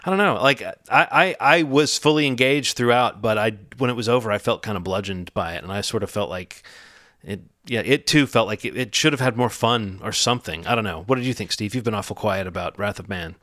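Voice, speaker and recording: A man's voice: on the low side, brisk, bright, forceful tone, no echo, studio quality. A man giving his opinion of a film in a casual panel chat, rambling and correcting himself with a wry tone. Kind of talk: casual podcast discussion.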